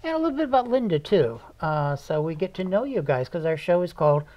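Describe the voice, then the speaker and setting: A woman's voice: lowish voice, sing-song, fast talker, dull audio. A woman hosting a local talk show, chatting with her guest in a folksy, joking way. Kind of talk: casual interview chat.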